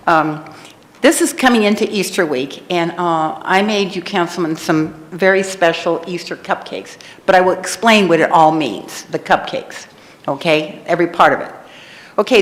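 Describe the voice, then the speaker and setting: A woman speaking at a city council public comment, impassioned and preachy, rambling a little, at a podium microphone in a council chamber. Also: fairly low pitch.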